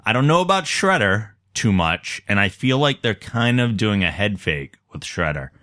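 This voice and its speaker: Deep-voiced male podcast host. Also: moderate pace. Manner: relaxed and chatty, with frequent fillers. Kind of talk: casual podcast chat. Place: podcast studio.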